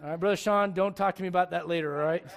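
High-voiced lively male preacher. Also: racing, vocal fry. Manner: animated, humorous, swings from soft asides to shouting. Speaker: pastor. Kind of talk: sermon. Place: church.

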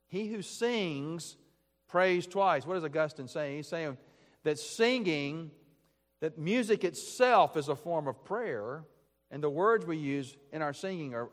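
A man preaching a sermon as pastor, earnest and emphatic, repeating his key phrases. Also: a little high. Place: church sanctuary. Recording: long church reverb.

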